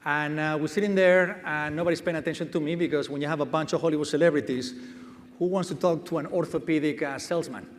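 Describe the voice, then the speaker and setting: A man's voice: on the high side, steady tone, fast talker, a little hiss or hum. A man, a company chief executive, telling a self-deprecating story on a conference stage. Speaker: medtech company CEO. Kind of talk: onstage anecdote telling. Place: large conference hall stage. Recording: reverberant conference hall.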